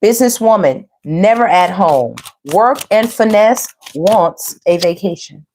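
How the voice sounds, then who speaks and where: A woman giving a casual tarot reading, sassy and animated, full of slang and calling the viewers "baby" and "y'all". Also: medium pitch, unhurried, slight background noise. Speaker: tarot reader.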